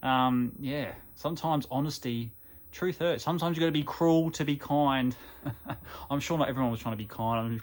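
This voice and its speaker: A man's voice: on the high side, normal speed. An Australian man with a chatty, self-mocking manner, talking casually to camera as host of a gaming channel.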